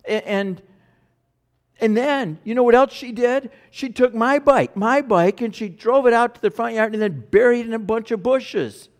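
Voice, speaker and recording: A man voicing an indignant young boy protesting loudly in a story within a sermon. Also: very high-pitched, normal speed, voice pushed up. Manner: loud, protesting, stammering.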